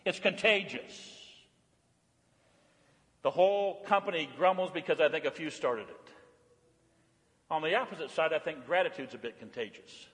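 A man preaches a sermon in a high-pitched voice. He climbs high and loud on his exclamations, then sinks low and quiet on the reflective lines. The sound carries a long church reverb. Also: moderate pace, long pauses. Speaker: pastor.

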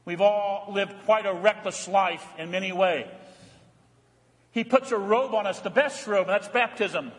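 A male pastor with a fairly high voice preaches at a measured pace, shifting between loud, emphatic phrases and hushed, soft passages. His words trail off into the long reverb of a large sanctuary.

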